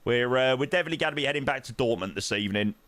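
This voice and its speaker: A man's voice: medium pitch, animated, very fast, a bit bright, no room sound. Young guy streaming flight sim, slangy chat, dry close sound. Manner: chatty, reads chat aloud, slangy banter. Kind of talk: casual live-stream chat.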